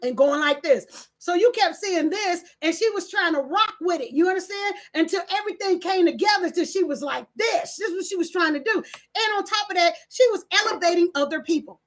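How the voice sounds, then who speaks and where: A middle-aged woman, talking on a live stream, preachy and animated, reading out the chat and breaking into laughs and shouts. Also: extremely high pitch, brisk.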